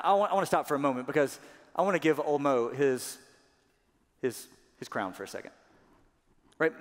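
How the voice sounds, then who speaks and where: A man preaching a sermon as pastor, animated, often acting out quoted voices louder and higher. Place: church sanctuary. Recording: church sanctuary with long reverb.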